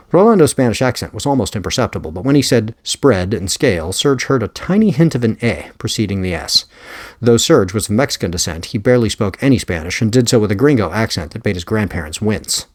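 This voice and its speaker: A man reading his own serial novel aloud, with expressive storytelling narration. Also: lowish voice, fast. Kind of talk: audiobook narration.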